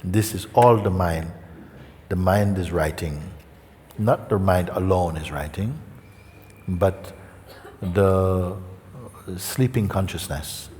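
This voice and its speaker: A man giving a satsang talk as a spiritual teacher, gentle and unhurried, often checking in with listeners by asking questions. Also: sits low, a little hiss or hum. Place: large meeting hall. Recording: echoey hall with faint ambience.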